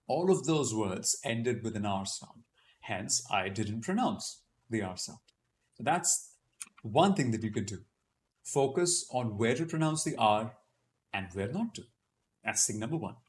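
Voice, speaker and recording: A man with a Delhi Indian English accent hosting a casual live Q&A, chatty and joking as he explains and sounds out words. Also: mid-range voice. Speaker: host of a live Q&A.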